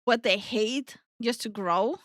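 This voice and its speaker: A woman co-hosting a casual reaction stream, ranting in an exasperated, animated way. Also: on the high side, slow pace, dry recording, studio quality. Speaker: VTuber co-host.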